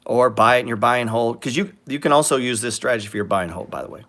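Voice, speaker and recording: A man's voice: medium pitch, quick pace, pushed and bright. A man hosting a trading show, talking bluntly with frequent swearing and acting out what other people say. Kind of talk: profane ranting talk on trading.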